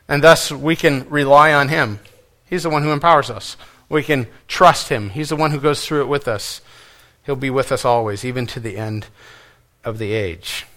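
A man preaching a sermon as pastor, earnest and emphatic, repeating key phrases, swinging between loud stress and quiet phrase endings. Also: medium pitch.

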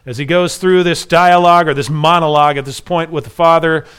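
A man's voice: on the high side, steady tone, a little fast, a bit bright, smooth. A man preaching an earnest expository sermon, acting out the voices in a parable as he explains it. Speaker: pastor.

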